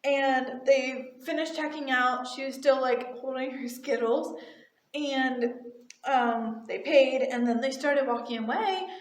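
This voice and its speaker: A woman's voice: high voice, takes it slowly, roomy sound. A young woman who works retail tells a casual storytime in a chatty, gushing way with lots of "like" fillers. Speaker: retail cashier and vlogger.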